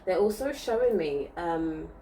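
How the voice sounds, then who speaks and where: A woman's voice: fairly low pitch, animated, a little slow, dark tone, distant mic, a little hiss or hum, rough recording. A woman giving a spiritual reading to viewers in a soothing, reassuring way, often checking in with "okay?". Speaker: spiritual reader.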